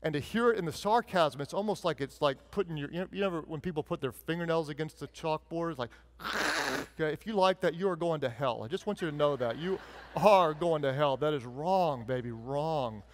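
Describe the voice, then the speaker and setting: A male pastor delivers an emphatic sermon in a fairly high voice. His words ring out with a long reverb, as in a large church hall. He preaches with punchy, animated emphasis, sometimes in mock sarcasm and sometimes in earnest. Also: brisk.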